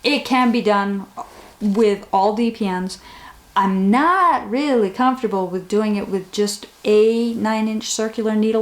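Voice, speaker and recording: Chatty woman podcast host, roomy sound. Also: medium pitch. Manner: warm, rambling, gets emotional thanking viewers. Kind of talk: casual knitting podcast chat.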